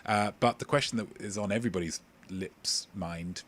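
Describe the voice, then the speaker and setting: A man's voice: fairly low pitch, normal speed, fairly bright tone. A young man hosting a casual livestream quiz, joking and rambling as he reads out answers from viewers. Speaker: quiz host.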